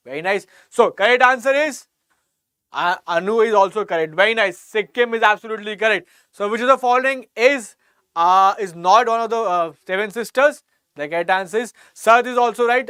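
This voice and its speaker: A man with an Indian English accent runs a live online quiz class for exam coaching, encouraging students by name and repeating every question. His voice is high, sharp and smooth, with no echo.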